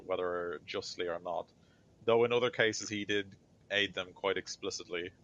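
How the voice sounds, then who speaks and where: A man voicing a composed female general who testifies at a trial in a measured, deferential way, on a dull lo-fi recording. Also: deep voice, a bit bright.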